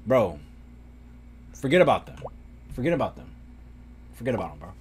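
A man's voice: mid-range voice, sing-song, normal speed, pauses often, slight background noise. A young man giving casual, joking let's-play commentary full of "bro" slang, recorded on a desk mic at home. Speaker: gaming YouTuber.

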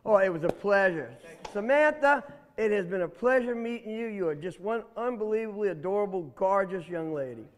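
A man's voice: high voice, animated, a little fast, long reverb tail, slight background noise. A man, telling a children's story in a playful, chatty way and asking the children questions.

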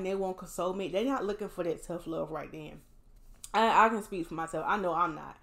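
A woman's voice: fairly low pitch, brisk, fairly bright tone. A woman vlogging candidly and encouragingly, speaking straight to her viewers while emotionally drained after a hard day. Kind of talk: casual heartfelt vlog talk.

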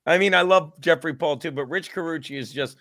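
Bright-voiced chatty man host. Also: fairly high pitch, fairly quick, no room sound, clean studio sound. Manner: chatty, upbeat, scattered. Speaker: podcast host. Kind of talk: casual chat.

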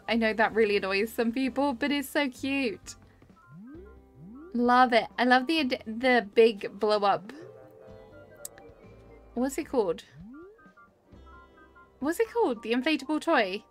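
A woman's voice: a little high, fairly bright tone. A British woman in her thirties chatting casually on a live stream, laughing often and reading chat comments aloud.

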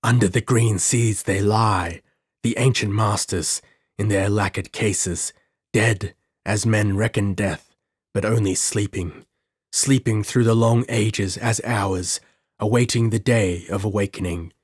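A man voicing an ancient, proud male sorcerer in an audiobook, speaking in slow, solemn pronouncements. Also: on the low side, fairly even intonation, breathy edge, no echo, studio quality. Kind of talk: audiobook character reading.

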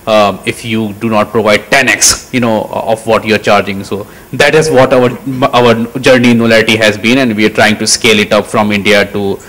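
A man in his thirties, a company founder introducing himself on a conference panel, halting with many fillers. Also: fairly low pitch, fairly even intonation, a bit bright, poor audio. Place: conference stage.

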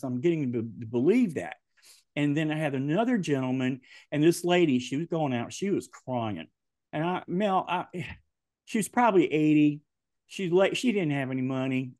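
A man's voice: fairly high pitch, no echo, studio quality. A man, a podcast guest telling stories in casual chat and laughing often. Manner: animated, laughing often through his stories.

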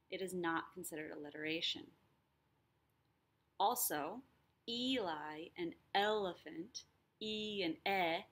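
A woman teacher explaining a lesson, sounding out words slowly and clearly. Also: mid-range voice, fairly bright tone. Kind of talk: recorded lesson.

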